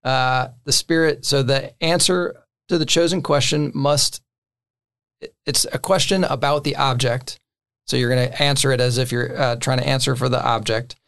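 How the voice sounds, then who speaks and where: A man with a mid-range, creaky voice explains a board game's rules to friends at normal speed. He's relaxed, uses many fillers, and laughs briefly between points.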